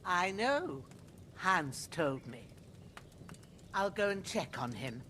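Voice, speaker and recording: A woman's voice: fairly low pitch, very animated, slow pace, fairly bright tone, a little hiss or hum, heavily acted. A woman voicing an old rustic village healer in a video game, talking in a homely, folksy, motherly way.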